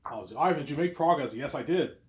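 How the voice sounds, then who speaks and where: A vlogger of about thirty speaks quickly and animatedly in a fairly high voice, recorded with a roomy echo. He rambles through a casual, self-assured monologue, tacking "obviously" and "man" onto his sentences.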